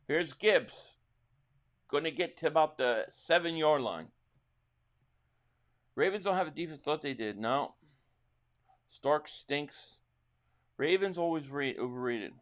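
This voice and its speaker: His voice fairly high, slow, and full of long pauses, a middle-aged New Jersey man runs a laid-back livestream reacting to football. He chats aimlessly with viewers and reads their comments, then suddenly calls plays with excitement.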